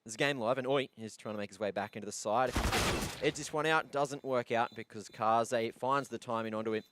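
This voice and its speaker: A man calling fast play-by-play on an esports shooter match. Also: medium pitch, noisy background. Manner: excitable play-by-play. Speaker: esports caster. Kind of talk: play-by-play commentary.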